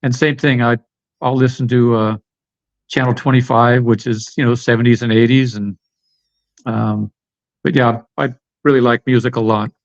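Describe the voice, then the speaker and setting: A man's voice: medium pitch, fairly even intonation, normal speed, dull audio. A middle-aged American man, a podcast guest, rambling with many fillers and restarts. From United States. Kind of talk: casual interview chat.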